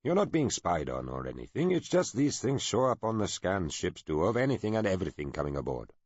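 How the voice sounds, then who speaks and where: Narrator as an awkward shipboard envoy, hesitant and apologetic, slightly raised pitch, husky, dry muffled audio. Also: male voice, very animated, brisk, no echo, heavily acted. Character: nervous bashful middle-aged male ship envoy.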